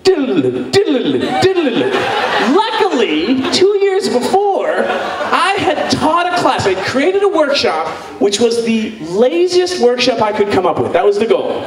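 Man, bawdy live storyteller, goofy and animated, high voice, echoey hall, crowd laughter. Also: unhurried, far from the mic. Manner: animated and goofy, breaks into sung nonsense sounds. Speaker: sex educator telling a story on stage. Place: stage before a live audience.

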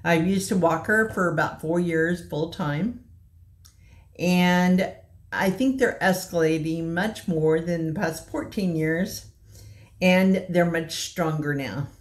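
Slow, shaky-voiced woman in her sixties. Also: lowish voice. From Kansas City, USA. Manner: slow, halting, earnest delivery with pauses. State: slightly shaky voice. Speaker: patient telling her own story. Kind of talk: personal testimony at a meeting.

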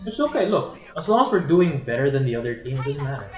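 A man playing a video game with a friend, calm and reassuring, with dry teasing. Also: medium pitch, fast talker, faint music behind. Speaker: gamer co-host. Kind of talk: casual let's-play chat. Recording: roomy echo, off-mic, faint noise.

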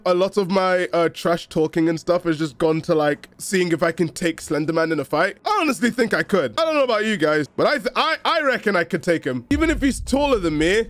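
Excitable high-voiced young man gaming. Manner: excitable, jokey, quick reactions and shouts. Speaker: gaming YouTuber. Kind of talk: let's play commentary.

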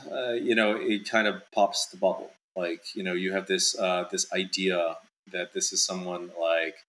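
Low, bright-voiced man rambling with fillers. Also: slight background noise, poor audio. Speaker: author being interviewed. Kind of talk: casual chat.

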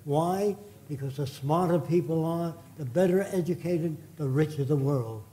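A man's voice: on the high side, moderate pace, warm tone, a little hiss or hum. An older man from the United States giving a public lecture, blunt and indignant, with profane asides.

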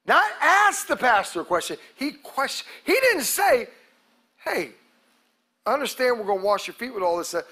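A male pastor preaching a sermon to his congregation, calling out to them and acting out quotes, breaking into loud shouts at the peaks. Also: extremely high pitch, very animated, moderate pace, husky. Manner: preaching with call-outs to the congregation, acts out quotes. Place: church sanctuary.

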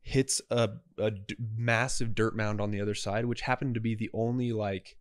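A young man co-hosting a podcast, telling a story in a casual, animated way and acting out what people said. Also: lowish voice, moderate pace, smooth, no room sound. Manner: animated, acts out dialogue. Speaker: podcast co-host.

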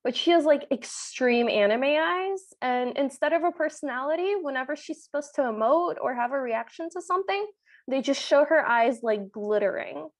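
A woman's voice: sits high, expressive, moderate pace. A woman co-hosting a podcast, recapping a cartoon with sarcastic, exasperated remarks. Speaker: podcast co-host. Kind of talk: casual chat recapping a film.

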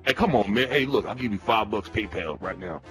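A man's voice: fairly low pitch, fairly quick, faint music behind. A man playing a crude, pushy young troll who teases and badgers in slangy chat-room banter. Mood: cheeky. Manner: brash, teasing, slangy, lively sing-song delivery. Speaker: prank caller in online voice chat. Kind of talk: comedic trolling role-play.

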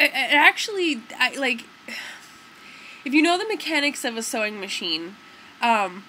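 A woman's voice: fairly high pitch, pushed and bright, a little hiss or hum, rough recording. A young woman vlogger telling a story to the camera in a rambling, casual way, full of fillers like "like" and "dude".

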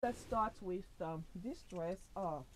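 A woman hosting a casual fashion try-on vlog, chatty and upbeat, pushing her usually soft voice louder and recorded on the camera mic because her lapel mic is missing. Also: lowish voice, slow, loud music behind the voice, poor audio. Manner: chatty and upbeat, full of fillers and "sis". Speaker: fashion vlogger.

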